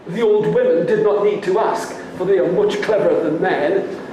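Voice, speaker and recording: A man's voice: high voice, normal speed, mellow, a little hiss or hum. A man from the UK telling a folk tale live, dramatic and playful, leading the audience to join in. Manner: dramatic, playful, leads call-and-response. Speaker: storyteller. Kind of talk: live storytelling with audience participation. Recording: echoey room.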